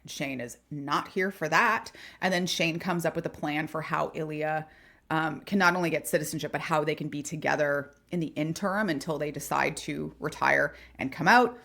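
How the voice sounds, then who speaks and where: A woman's voice: sits low, normal speed, creaky, a bit bright. A woman co-hosting a podcast, chatting casually and animatedly about a TV episode, often laughing and acting out quotes. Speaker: podcast co-host. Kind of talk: casual chat recapping a TV episode.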